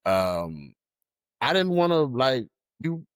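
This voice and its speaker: Young guy on a podcast, lots of ums and restarts, mid pitch, dry close sound. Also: sing-song, smooth, no room sound. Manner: halting, many fillers and restarts. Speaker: podcast guest. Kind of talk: casual conversation.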